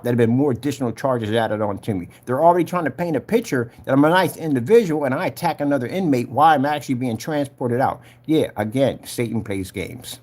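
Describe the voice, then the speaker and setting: A man's voice: medium pitch, a little mellow. A man giving a casual spoken testimony, earnest and preachy, who retells past events and acts out the voices of the people in them. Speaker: vlogger giving a personal testimony.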